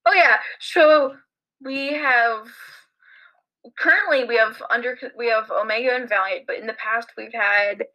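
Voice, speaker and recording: A woman's voice: a little high, a little slow, sharp tone, poor audio. A woman chatting casually on a podcast, laughing and restarting her sentences as she looks things up. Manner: giggly, stumbles and restarts while looking things up. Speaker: team member.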